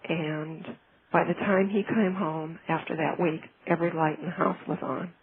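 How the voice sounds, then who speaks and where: Speaking as a client, a woman shares a sincere personal healing story in a casual way, halting often, starting over, and leaning on fillers. Her voice sits low and steady, recorded with phone-quality lo-fi sound and a little noise.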